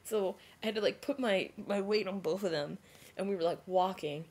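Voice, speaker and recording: A woman's voice: medium pitch, moderate pace, breathy edge. Rambling young woman telling a story. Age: young adult. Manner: rambling, animated retelling full of "like" and restarts. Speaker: vlogger. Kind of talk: casual storytelling vlog.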